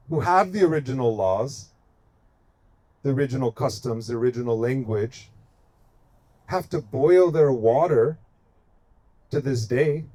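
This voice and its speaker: An American activist gives an impassioned speech at a protest encampment, building his points through emphatic, repeated phrases in a repetitive rhetorical cadence. His voice is medium in pitch with a warm tone.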